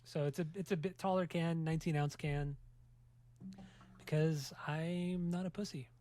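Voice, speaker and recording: A man hosting a casual music podcast, bantering fast and joking with profanity. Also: a little high, fairly even intonation, darkish tone, slight background noise. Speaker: podcast host.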